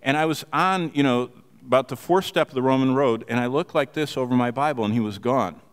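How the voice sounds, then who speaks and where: A man preaching a sermon, telling a story with animated emphasis. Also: mid-range voice, a little fast, smooth, big-room sound. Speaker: pastor.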